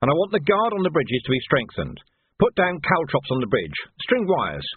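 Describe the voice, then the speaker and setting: A tired, shrewd watch commander read by a male narrator, giving dry, clipped orders in a husky voice. The sound is thin and phone-like with no room echo. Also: fairly high pitch, wildly swooping pitch, moderate pace, voice pushed up, heavily acted. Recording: tinny phone-like band.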